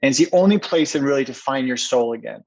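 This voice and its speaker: A man's voice: medium pitch, expressive, fast, creaky, darkish tone. Earnest storytelling man, slightly dull audio. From Minneapolis, USA. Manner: earnest, repetitive restarts, emphatic. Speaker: podcast guest, entrepreneur. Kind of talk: personal storytelling interview.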